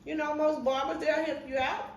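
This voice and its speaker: A woman's voice: high voice, normal speed, a little hiss or hum. Chatty woman in her fifties, roomy sound. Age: 50s. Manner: chatty, colloquial, animated retelling. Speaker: vlogger and barber. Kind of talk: casual storytelling while cooking. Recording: roomy sound from a far mic.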